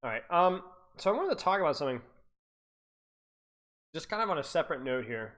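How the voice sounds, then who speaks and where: A man's voice: fairly high pitch, sing-song, brisk, a bit bright. Guy on a coaching stream rambling to chat, lots of laughing, voice jumps all over. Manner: rambling, repeats himself, laughs often; talks to chat viewers. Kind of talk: casual livestream chat.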